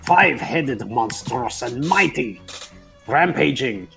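A man's voice: medium pitch, a little fast, faint music behind, pitched above the performer's own voice, close to an everyday voice. A man voicing a prickly, sarcastic male goblin scholar who takes offense easily. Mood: declaiming. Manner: exasperated, sarcastic, huffy.

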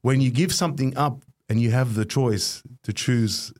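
A man's voice: mid-range voice, normal speed, darkish tone, no echo, clean studio sound. Man telling a moving story in a chat. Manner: emotional storyteller with frequent affirmations. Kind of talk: conversational interview.

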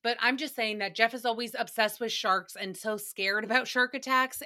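A woman's voice: fairly high pitch, moderate pace, hardly any pauses, pushed and bright. A woman hosting a podcast, recapping a radio show in sassy casual chat, swearing freely, laughing often and acting out quotes. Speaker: podcast host.

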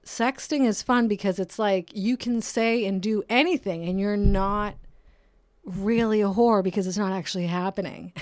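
A woman's voice: mid-range voice, a little slow, darkish tone. A young woman from Massachusetts hosting a casual monologue podcast, rambling, profane and jokey, laughing often. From Brockton, Massachusetts. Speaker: podcast host. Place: home in California.

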